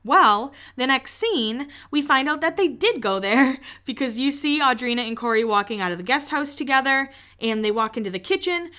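A woman's voice: fairly high pitch, pushed and bright. A young woman hosting a podcast, recapping a show in a chatty, opinionated way and swearing casually. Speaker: podcast host.

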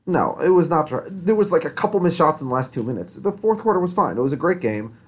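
Male podcast host, rapid lively delivery, laughs easily. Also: a little high, husky. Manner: fast, animated, laughs a lot. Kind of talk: casual chat.

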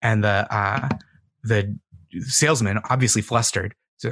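Laid-back rambling comedian telling stories. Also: male voice, lowish voice, fairly even intonation, a little slow, fairly bright tone, no echo. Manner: laid-back, rambling with many fillers and laughs. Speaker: guest comedian. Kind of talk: casual podcast chat, storytelling.

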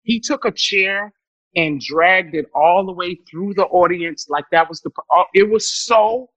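A woman comedian telling animated, profane stories as a podcast guest, breaking into loud laughter. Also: fairly low pitch, measured pace, no room sound, highs cut off. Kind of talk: storytelling in a podcast interview.

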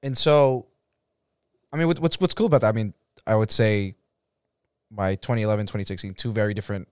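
Easygoing man hosting a podcast, clear voice. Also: lowish voice, fairly even intonation, fairly quick, a little mellow, no room sound, clean studio sound. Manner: easygoing, agreeable, frequent short affirmations. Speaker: podcast host, DJ. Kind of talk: casual podcast interview.

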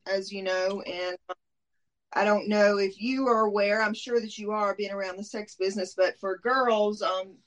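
A woman's voice: mid-range voice, steady tone, moderate pace, low-quality recording. Georgia-accented woman, hesitant and candid. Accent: Southern US, Georgia. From Middle Georgia, US. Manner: hesitant, many ums, laughs easily. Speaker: interview guest. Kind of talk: candid conversational interview.

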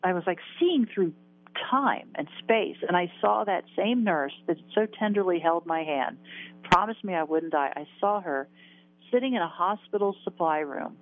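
Over a tinny phone line, a woman in her sixties appears as an interview guest and recounts a near-death experience with earnest emotion. Her voice is fairly low and moderately paced; she repeats words and laughs at herself.

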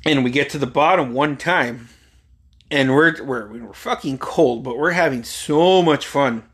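A man's voice: medium pitch, a little slow, fairly bright tone. A middle-aged man hosting a solo podcast, telling a rambling, profane story and laughing as he goes. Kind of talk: casual storytelling monologue.

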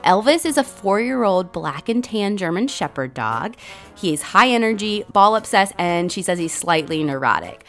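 Podcast co-host, woman, middle pitch, chatty storyteller who acts out the dialogue. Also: moderate pace, faint music behind. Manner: animated, acts out quoted dialogue, frequent "like". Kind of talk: casual chat, storytelling.

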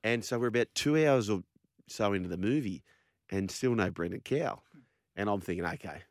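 An Australian man hosting a casual radio show on a studio microphone, chatty and enthusiastic as he runs through shout-outs and phone numbers. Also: lowish voice, lively intonation, brisk, no room sound. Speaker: radio host.

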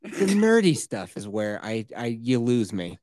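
Lively, teasing woman podcast host. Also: very deep voice, a little slow, no echo, clean studio sound. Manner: teasing, laughs often, crude jokes. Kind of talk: casual banter.

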